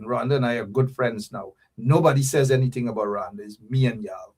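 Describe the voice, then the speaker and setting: A man hosts a livestream talk show. He speaks straight to his viewers in an animated, teasing way. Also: medium pitch, brisk, breathy edge.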